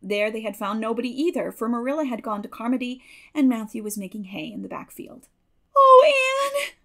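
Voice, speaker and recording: A woman reads a classic novel aloud in a measured, expressive storytelling manner. Her voice sits a little high and has a gravelly texture. She shades the lines but keeps an even narrator's pace. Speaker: audiobook narrator. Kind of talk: scripted narration.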